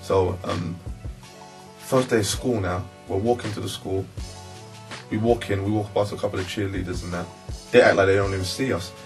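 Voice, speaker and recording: A young man with a London accent telling a story in a relaxed, slangy way. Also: sits low, normal speed, creaky, pauses often, music in the background. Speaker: interviewee. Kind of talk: casual storytelling.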